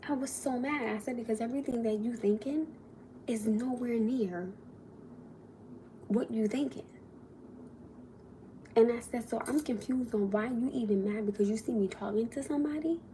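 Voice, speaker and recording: A young adult woman telling a story on a casual livestream, animated, swearing and quoting the people involved. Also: a little high, normal speed, long pauses, slight background noise.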